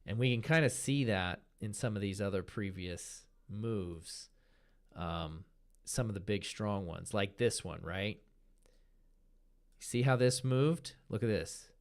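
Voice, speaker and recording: A man with a fairly low voice hosts a live stream and talks through trading charts at an easy, relaxed pace. He points out moves on the screen and repeats words like a running count as he explains. He sounds like he is sitting at his desk mic. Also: slow pace.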